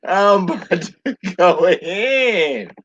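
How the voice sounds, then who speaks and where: A man's voice: sits high, lively intonation, very slow, fairly bright tone, slight background noise. Playful hype man on dull lo-fi audio. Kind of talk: hyped livestream banter.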